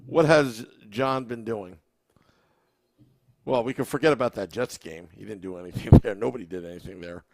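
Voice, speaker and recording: Gravelly man with a wry, relaxed delivery. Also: lowish voice, normal speed, no echo, studio quality. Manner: relaxed and wry, with frequent fillers. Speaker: podcast co-host. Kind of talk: casual hockey podcast chat.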